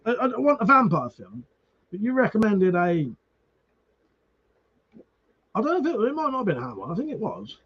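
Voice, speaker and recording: A man's voice: sits high, wildly swooping pitch, a little fast, pauses often, a bit bright, a little hiss or hum. A man chatting casually with viewers on a live stream, reading comments, greeting them by name and swearing freely. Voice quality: swears freely, restarts words. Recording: dull lo-fi stream audio.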